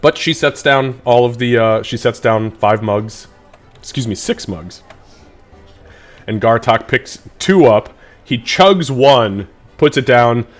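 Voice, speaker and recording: A man's voice: medium pitch, lively intonation, slow, soft background music. A man narrating a tabletop game as game master, casual and rambling with many fillers.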